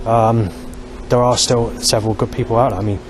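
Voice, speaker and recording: A man's voice: medium pitch, fairly even intonation, a little fast. A middle-aged man talking in a meandering monologue, restarting and swearing often. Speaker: vlogger. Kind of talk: rambling monologue. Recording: outdoor street and traffic noise.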